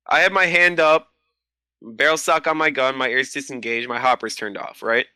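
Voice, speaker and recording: A man in his twenties, a podcast guest in casual chat, telling animated stories and swearing freely. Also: medium pitch, normal speed, clear, resonant tone, no echo.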